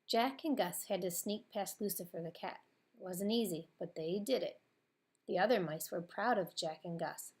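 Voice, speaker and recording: A woman narrating a children's storybook in a clear, expressive read-aloud manner. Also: lowish voice, normal speed.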